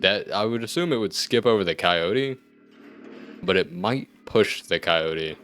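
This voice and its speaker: Low-voiced guy doing let's-play commentary, thinks out loud, dry little jokes, sometimes blurts out excitedly. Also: unhurried, faint music behind. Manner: thinks aloud, wry asides, sudden excited outbursts. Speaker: gaming video host.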